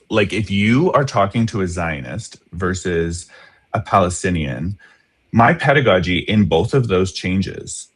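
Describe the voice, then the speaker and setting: A man's voice: low-pitched, husky. A man appearing as a guest on a podcast over a video call, talking earnestly about his work as an educator. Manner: earnest, conversational, many fillers. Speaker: guest, social justice educator. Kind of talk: casual podcast conversation.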